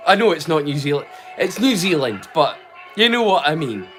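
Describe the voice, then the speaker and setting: A Scottish man chats to his livestream viewers, swearing freely and breaking into laughter. His voice sits high for a man, and faint music plays behind him. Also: sing-song, a bit bright. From Scotland. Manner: rambling, sweary, quick to laugh. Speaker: livestream host. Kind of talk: casual chat.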